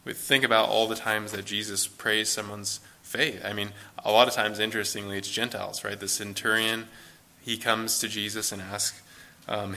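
A Bible teacher leads a conversational lesson in a lowish, bright, forceful voice, keeping his pitch level and even. He speaks loosely, thinking out loud and leaning heavily on "like" as he explains.

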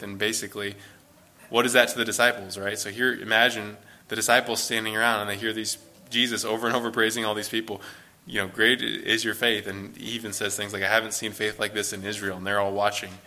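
A man with a lowish, bright and forceful voice gives a conversational Bible lesson. His delivery stays level and even in pitch. He talks loosely, thinking aloud and leaning on "like" as he explains. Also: brisk. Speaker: Bible teacher.

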